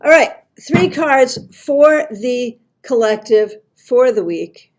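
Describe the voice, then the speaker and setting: A woman's voice: a little high, expressive, takes it slowly. A middle-aged woman hosting a friendly livestream tarot reading at home, chatty and enthusiastic as she talks to her viewers. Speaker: tarot reader, show host.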